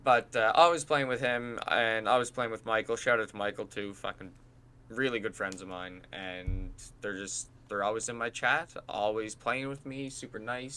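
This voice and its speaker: A man co-hosting a podcast, telling animated stories in casual chat, swearing and laughing often. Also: fairly low pitch, slight background noise. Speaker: podcast co-host and streamer.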